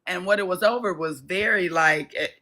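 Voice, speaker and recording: A woman's voice: lowish voice, moderate pace, bright, forceful tone, a little hiss or hum, poor audio. A woman coach, telling a personal story in casual conversation with fillers. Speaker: coach and guest.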